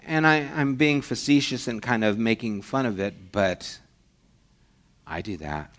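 A man giving a conversational sermon as a pastor, acting out little dialogues and dropping to a hushed voice for emphasis. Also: lowish voice, measured pace. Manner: conversational preaching, acts out mock dialogues, drops to a hushed voice.

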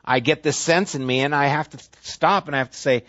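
Guy giving a sermon, chatty and lively, acting out quotes, dry dull lo-fi sound. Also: a little high, a little fast, dry recording. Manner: conversational, animated, acts out quoted voices. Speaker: pastor.

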